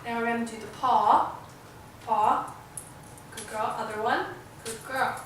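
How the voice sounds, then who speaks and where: A woman's voice: fairly high pitch, steady tone, unhurried, fairly bright tone. A woman hosting a casual dog-training tutorial, patiently giving her puppy short commands. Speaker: dog trainer and channel host. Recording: echoey room, mic far off, faint dog noise.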